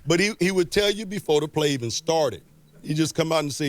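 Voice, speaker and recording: A man's voice: fairly high pitch, a little hiss or hum. A man animatedly telling an anecdote as a podcast guest. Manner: fast, animated storytelling.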